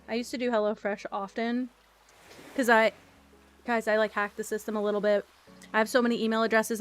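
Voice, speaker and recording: A young woman streamer chatting casually, ranting and swearing while she eats. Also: mid-range voice. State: eating while talking. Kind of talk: casual live-stream chat.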